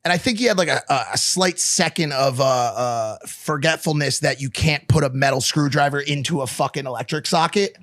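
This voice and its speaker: A man in his thirties telling stories in casual podcast chat, profane and animated. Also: on the high side, brisk, few pauses, no room sound, studio quality. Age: 30s. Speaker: podcast co-host.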